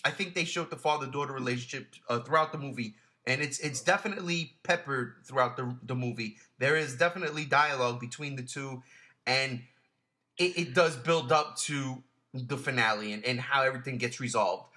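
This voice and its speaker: A man's voice: mid-range voice, brisk, pushed and bright. A man hosting a casual film discussion, often stammering and repeating words while he searches for what to say. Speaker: podcast host.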